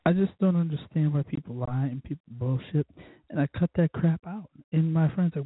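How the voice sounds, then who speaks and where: A man's voice: fairly high pitch, a little fast, few pauses, no echo. A man hosting his own show, ranting bluntly and cussing about people he finds ridiculous. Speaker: podcast host. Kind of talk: profane casual monologue rant. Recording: tinny phone-like dry audio.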